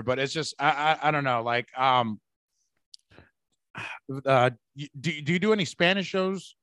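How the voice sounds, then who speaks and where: A man's voice: medium pitch, expressive, a little slow, pauses often, pushed and bright, clear, resonant tone, no echo. A man from the Bay Area hosting a podcast, chatting casually, rambling and swearing freely. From San Francisco Bay Area. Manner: profane, rambling, bursts into laughter. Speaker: podcast host.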